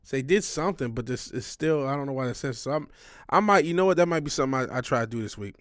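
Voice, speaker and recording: A man's voice: mid-range voice, lively intonation, rapid-fire, fairly bright tone, dry recording, clean studio sound. A man in his thirties talking casually to a livestream audience, rambling and frank, swearing often and restarting his sentences. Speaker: livestream host.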